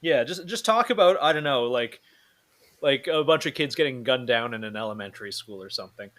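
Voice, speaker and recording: A young man hosting a podcast in casual chat, teasing his guest with quick banter. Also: mid-range voice, animated, a bit bright. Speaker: podcast host.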